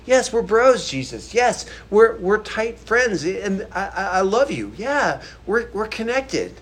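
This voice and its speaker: A man's voice: sits high, very animated, slow, fairly bright tone, voice pushed up, full character voice. A man voicing an eager, affectionate male disciple who pleads his friendship in an earnest, raised voice.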